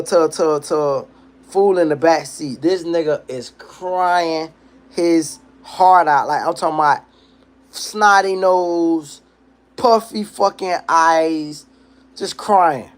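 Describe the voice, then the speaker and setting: Animated, profane young man telling a story. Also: a little high. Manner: animated, profane street storytelling, acts out quotes. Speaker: livestream host. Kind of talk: casual storytelling.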